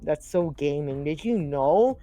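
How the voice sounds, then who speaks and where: A man's voice: fairly high pitch, expressive, measured pace, mellow, no echo. A man co-commentating an esports stream, rambling and joking, over background music. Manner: rambling, jokey, riffing.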